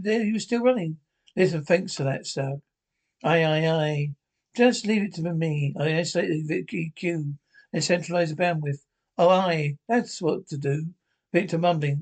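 A man's voice: on the high side, a little mellow. An older man, playing a bickering pensioner in a broadcast sitcom. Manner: bickering, crude banter.

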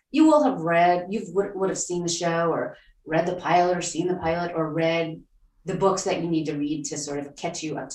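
A woman talks through her work in an unhurried interview, pausing and restarting as she thinks. Her voice sits on the low side. She sounds a little away from the mic, and the room is roomy. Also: far from the mic. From Vietnam, raised in Texas. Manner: thoughtful, many restarts and fillers. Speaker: TV writer, interview guest. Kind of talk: conversational interview.

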